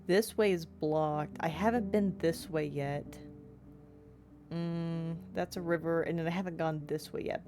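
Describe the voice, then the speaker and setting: A young woman streaming a game, chatting playfully and rambling about her progress. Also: fairly low pitch. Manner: chatty, playful, self-described yapper. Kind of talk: casual let's-play chat.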